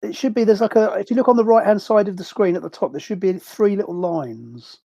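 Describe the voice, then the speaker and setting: A man's voice: sits high, brisk, creaky, dark tone, dry recording, highs cut off. A man playing a tabletop game over a voice call, patiently explaining things to another player. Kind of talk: casual tabletop play. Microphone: computer mic on a voice call.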